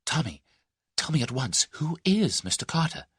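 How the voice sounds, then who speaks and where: A man voicing a spirited, excitable young Englishwoman in an audiobook of a mystery novel. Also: a little high, moderate pace, slightly rough, dry recording, clean studio sound, pitched above the performer's own voice, exaggerated voice. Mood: excited. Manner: eager, excitable.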